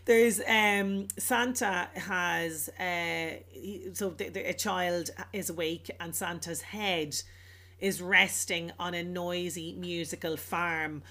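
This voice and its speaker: A woman's voice: on the low side, fairly even intonation, takes it slowly, a bit bright. A woman co-hosting a casual chat, retelling a film with laughter and put-on voices. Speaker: podcast co-host.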